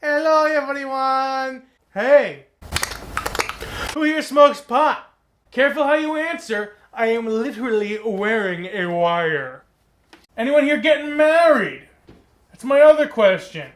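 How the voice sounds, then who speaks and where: A man's voice: extremely high pitch, lively intonation, unhurried. A man hosting a late-night comedy show, delivering a monologue of sardonic, self-mocking punchlines. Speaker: talk show host. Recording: echoey room with band music.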